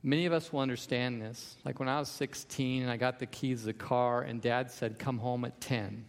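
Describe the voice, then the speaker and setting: A man's voice: medium pitch, steady tone, moderate pace, creaky, big-room sound. A man preaching a sermon as pastor, emphatic, with repeated refrains.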